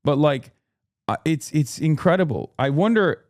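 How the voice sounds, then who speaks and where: A man's voice: on the high side, expressive, normal speed, a little mellow, dry recording. Blunt, profane male streamer, dry sound. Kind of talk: casual livestream chat.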